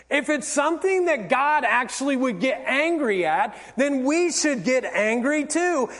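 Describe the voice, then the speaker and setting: A male pastor giving an animated, theatrical sermon, acting out everyday examples. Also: very high voice. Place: church sanctuary. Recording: long church reverb.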